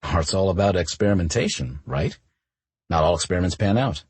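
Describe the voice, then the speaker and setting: A man as a calm young firefighter. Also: sits low, a little fast, slightly rough, no room sound, exaggerated voice. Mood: friendly. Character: easygoing young male firefighter.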